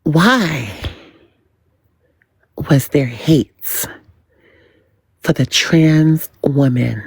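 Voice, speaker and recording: A woman hosting her own livestream and giving gossip commentary. She talks in a dramatic, drawn-out way and repeats words in a teasing sing-song. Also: low voice, breathy edge, no room sound. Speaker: livestream host.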